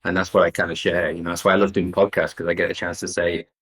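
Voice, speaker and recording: Deep-voiced English man telling stories. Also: quick pace, poor audio. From England. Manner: animated storyteller, restarts sentences often. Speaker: guest entrepreneur. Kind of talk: conversational interview storytelling.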